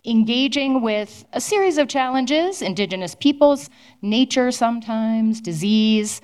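A woman historian answering interview questions at a public event, telling stories in an animated, explanatory way. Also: a little high, a little slow.

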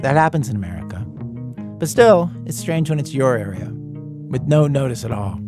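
A man's voice: medium pitch, very animated, moderate pace, over music. A man hosting a radio show, narrating in a wry, conversational way from a studio mic.

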